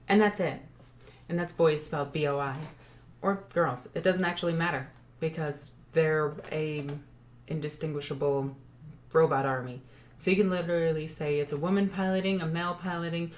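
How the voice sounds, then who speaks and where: A woman's voice: sits low, moderate pace. A woman hosting her own channel in casual hobby commentary, chatty and joking, often stopping to correct her own slips. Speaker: YouTube host.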